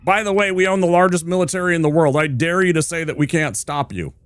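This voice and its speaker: A man's voice: a little high, fast talker, a bit bright, clear, resonant tone, dry recording. A male streamer ranting hard with heavy swearing while he plays a game. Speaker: gaming streamer.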